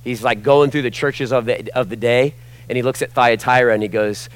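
A man preaching a sermon as pastor, impassioned, swinging between loud emphasis and hushed asides. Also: medium pitch, steady tone, fairly quick, smooth, poor audio.

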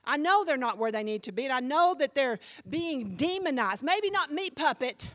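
A woman pastor preaching a sermon with animated storytelling, acting out the voices of the people she quotes. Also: sits high, normal speed, long reverb tail.

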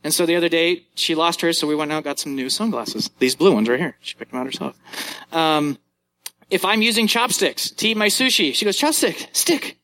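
A young man, a youth pastor, preaching a sermon and telling family stories in an animated way. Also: brisk. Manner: animated storytelling, acting out moments with big pitch jumps.

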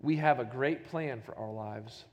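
A pastor giving a sermon, emphatic and full of rhetorical questions. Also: male voice, medium pitch, measured pace, darkish tone, long reverb tail.

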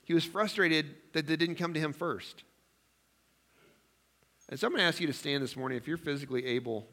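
A man's voice: fairly high pitch, a little fast, fairly bright tone. A man preaching a sermon as pastor in a church, chatty and self-deprecating, acting out his own worried prayers. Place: church sanctuary.

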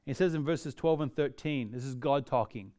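A man preaching a sermon as pastor, animated, acting out quoted pleas to God and parents. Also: medium pitch, normal speed.

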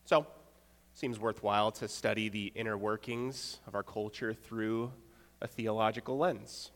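A young adult man preaching a conversational sermon, relaxed, with rhetorical check-ins and wry asides. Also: fairly low pitch, unhurried. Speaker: pastor. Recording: long hall reverb.

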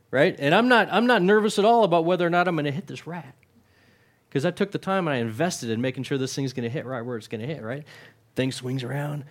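A middle-aged male pastor delivers a conversational sermon, often putting questions to the congregation and repeating words. His pitch runs fairly high.

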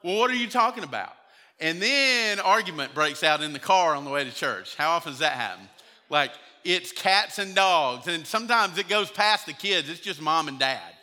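A man's voice: high voice, sharp tone. A man, preaching a sermon to his church in a conversational storytelling way and acting out the voices of people he quotes. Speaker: pastor. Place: church sanctuary. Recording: church hall reverb.

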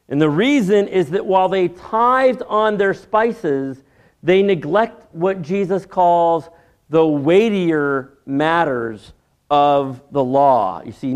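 A man giving an expository sermon in a measured teaching manner, with dry asides. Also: high voice, darkish tone. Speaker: preacher.

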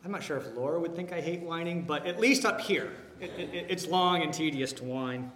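Man, pastor, lively sermon, rhetorical questions, high voice, church with long reverb. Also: a little fast, few pauses. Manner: animated preaching with rhetorical questions. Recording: echoey hall.

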